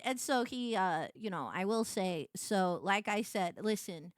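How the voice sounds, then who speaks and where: A young adult woman streamer chatting casually with her viewers, animated and laughing, prone to excited shrieks. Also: medium pitch, a little slow, hardly any pauses, no room sound, studio quality.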